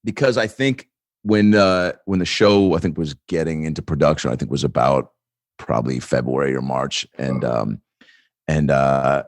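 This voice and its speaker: A man's voice: very deep voice, moderate pace, no echo. A man on a comedy podcast telling a long rambling story with lots of fillers and restarts, often breaking into laughter. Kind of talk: casual chat, storytelling.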